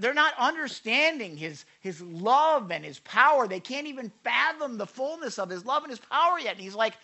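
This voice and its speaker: A man preaching a sermon in an animated way, dropping into quiet asides and then rising to act out the voices in the story. His voice is bright and forward. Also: extremely high pitch, low-quality recording. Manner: animated, acts out quotes of Jesus and disciples; conversational asides, self-corrections. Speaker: pastor.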